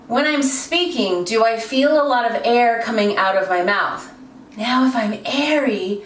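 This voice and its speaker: A woman speaking coach teaching vocal technique, demonstrating by jumping between very high and low pitch. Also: fairly bright tone, reverberant, far from the mic, rough recording. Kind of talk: instructional talk with vocal demonstrations.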